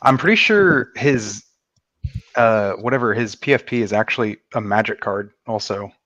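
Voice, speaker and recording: A man's voice: on the low side, normal speed, a bit bright, no echo, lo-fi sound. A man on a panel stumbling over his words while playfully needling another guest. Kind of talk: casual panel chat.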